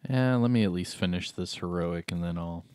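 A man's voice: sits low, moderate pace, a little mellow, clean tone. A man streaming a shooter game, chatting casually and answering his viewers' comments as he plays. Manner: chatty, laid-back, reads and answers chat.

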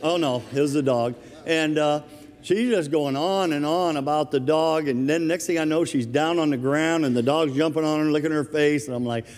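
A man preaching in a church sanctuary with a rather high voice, that carries a long hall reverb behind it. He tells stories with easy humor and talks to the congregation as if chatting with friends, in a sermon that is relaxed and conversational. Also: normal speed. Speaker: preaching minister.

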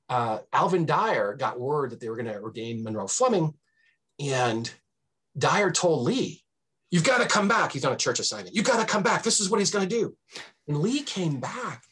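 Husky-voiced man telling history stories. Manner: animated, swings pitch for emphasis; frequent fillers and restarts. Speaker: history professor guest. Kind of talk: conversational storytelling.

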